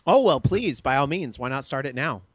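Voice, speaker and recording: A man's voice: medium pitch, animated, moderate pace, breathy edge, no room sound. A man hosting a casual gaming chat, teasing the others and moving the talk along. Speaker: podcast host. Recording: dry, slightly dull lo-fi audio.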